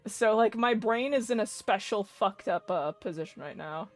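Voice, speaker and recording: A young woman chats and rambles her way through a game stream, swearing freely and breaking into laughter. Her voice sits at an ordinary pitch for a woman, with faint music underneath. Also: expressive, normal speed. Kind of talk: casual gameplay commentary.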